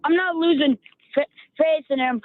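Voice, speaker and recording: Halting high-voiced male caller on a phone line. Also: no room sound. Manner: halting, stop-start sentences. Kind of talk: phone-in sports chat.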